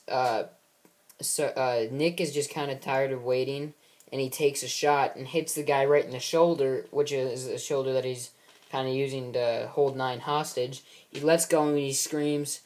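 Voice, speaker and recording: A man's voice: mid-range voice, a little mellow. A man casually recapping the plot of his own film series, rambling with many fillers and restarts.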